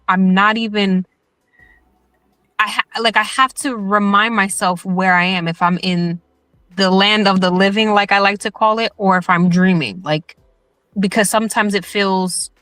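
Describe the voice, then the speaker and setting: A woman's voice: medium pitch, sharp tone, no echo. A woman from New York with a slight Southern twang, a guest in a casual chat who rambles, loses her thread and restarts her sentences.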